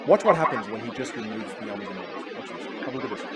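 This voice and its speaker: A man teaching a live online communication masterclass, energetic and full of storytelling. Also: fairly low pitch, fast talker, loud music behind the voice. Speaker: communication coach.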